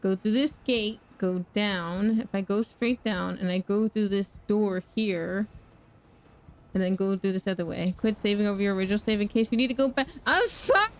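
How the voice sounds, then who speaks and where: A woman's voice: medium pitch, fairly even intonation, moderate pace, a little mellow. A young woman streaming a horror game, talking to chat, laughing and shrieking at danger. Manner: talks to chat, self-mocking. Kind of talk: live gameplay commentary.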